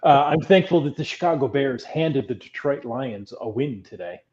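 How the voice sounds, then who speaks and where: A man co-hosting a relaxed podcast, chatty and quick to laugh as he reads out listener notes. His pitch moves around a lot, and the sound is somewhat dull and lo-fi. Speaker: podcast co-host. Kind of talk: casual chat.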